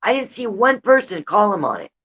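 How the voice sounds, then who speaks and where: An older woman talks casually and at length, drifting between topics and now and then turning indignant. Her voice sits at a middle pitch. The recording is slightly dull and lo-fi. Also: big pitch swings, fairly quick, a bit bright, breathy edge. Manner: chatty, rambling, indignant about politics. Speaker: livestream host. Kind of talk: casual chat with viewers. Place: home room with a heater running.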